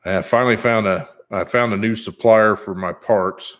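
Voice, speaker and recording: A man's voice: lowish voice, fairly even intonation, moderate pace, a bit bright. A man in his fifties chatting casually on his vlog in a rambling, easygoing way, with many fillers. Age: 50s. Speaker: channel host.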